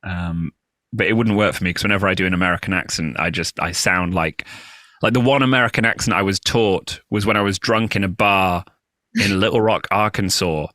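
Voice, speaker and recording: A deep-voiced British comedian, speaking fairly quickly in a pushed, bright tone, swaps anecdotes on a casual podcast. He's a chatty storyteller who slips into voices, and the recording is studio-clean with no echo.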